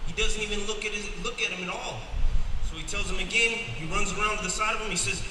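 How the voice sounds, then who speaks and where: A man's voice: sits high, a little fast, pushed and bright. A man emceeing a prison event, telling a joke story and announcing speakers. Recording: echoey hall from far off, noisy.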